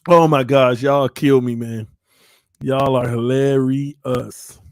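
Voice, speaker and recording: A man's voice: medium pitch, steady tone, slow, no echo, studio quality. A man hosting a fan channel livestream in casual chat, a little tipsy, playful and rambling, laughing often.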